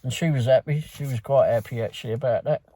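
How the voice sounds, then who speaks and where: A man's voice: medium pitch, fast, warm tone, slightly rough. Rambling London man recapping his night. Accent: London English. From London, England. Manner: rambling, loose storytelling with many fillers and restarts. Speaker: food delivery driver. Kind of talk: casual recap of a work night.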